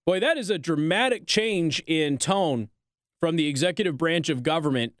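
Animated, high-pitched sarcastic male host. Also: normal speed, no room sound, studio quality. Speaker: talk show host. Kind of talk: political commentary monologue.

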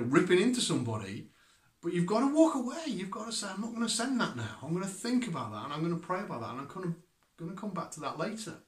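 A middle-aged man delivers a sermon in a chatty, conversational way, often turning to his listeners with questions. His voice sits at a middle pitch. The recording has a roomy, echoey sound. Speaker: preacher. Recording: echoey room.

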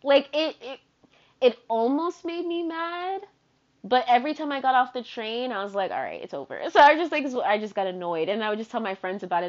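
A young woman in her twenties rambles through her podcast in casual, animated monologue. Her voice sits somewhat high. The recording is slightly dull and lo-fi. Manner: chatty, animated, filler-heavy with frequent "like". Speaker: podcast host. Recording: dull lo-fi sound.

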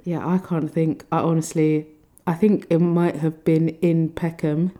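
A young woman co-hosting a casual podcast. Her voice is mellow and warm, sitting a little low, and she gushes with quick, playful asides. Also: little pitch movement. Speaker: podcast co-host. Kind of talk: casual chat.

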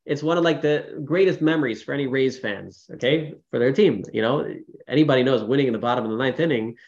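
A man, a rabbi teaching a class in a casual, storytelling way, lively when quoting people, with many fillers. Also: medium pitch, fast talker, dull audio. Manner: storytelling with animated quoted voices, many fillers. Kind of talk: informal Torah class talk.

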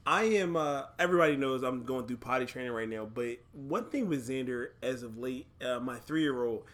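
Bright, quick-talking man telling stories. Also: mid-range voice. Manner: quick, expressive storytelling. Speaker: podcast co-host. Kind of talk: casual podcast chat.

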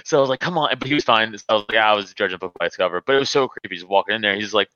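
A man's voice: on the low side, racing, bright, forceful tone, dry recording, dull audio. A man telling rambling stories in casual chat, full of restarts and filler words. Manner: rambling storyteller, many restarts and "like". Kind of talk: casual banter.

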